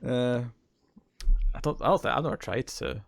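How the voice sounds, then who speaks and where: A man's voice: mid-range voice, normal speed, vocal fry, no room sound, studio quality. A man co-hosting a podcast in casual chat, rambling and laughing often. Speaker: podcast co-host.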